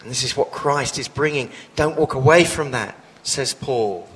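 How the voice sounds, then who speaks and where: Passionate preacher in an echoing hall. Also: male voice, moderate pace, a bit bright. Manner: passionate, emphatic, with sudden swells in pitch and volume. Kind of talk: sermon. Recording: long reverb of a large hall.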